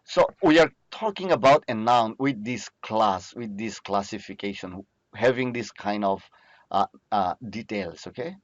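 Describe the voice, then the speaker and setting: In this muffled, lo-fi lecture recording with no reverb, a lower-pitched man teaches at a slow, patient pace. He asks his own questions, then supplies the answers.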